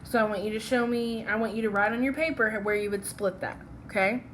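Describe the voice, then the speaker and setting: A woman's voice: fairly high pitch, steady tone, a little fast, fairly bright tone, a little hiss or hum. A woman teaching a phonics lesson from slides. She is patient and checks in with "okay?" after each step.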